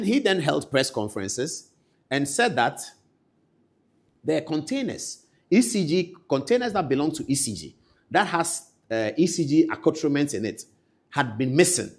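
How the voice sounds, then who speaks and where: A Ghanaian man gives political commentary with a slightly high voice. His pitch leaps around widely as he moves between loud, emphatic outbursts and quiet asides. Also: big pitch swings, a little slow.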